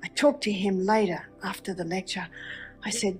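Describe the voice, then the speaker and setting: A woman's voice: mid-range voice, fairly even intonation, normal speed, faint music behind. A woman giving a faith-based lecture, telling a story with rhetorical questions. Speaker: speaker.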